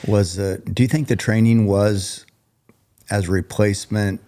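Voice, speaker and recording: A man with a lowish voice hosts an interview podcast. He asks questions in a relaxed, loose way. He fills the gaps with short affirmations. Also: unhurried. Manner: laid-back questioner, many short affirmations. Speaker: podcast host.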